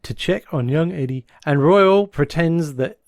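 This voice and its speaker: A man co-hosting a podcast, recapping a sitcom plot in lively casual chat and dropping into quick voices for the characters. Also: a little high, no room sound, studio quality. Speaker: podcast co-host.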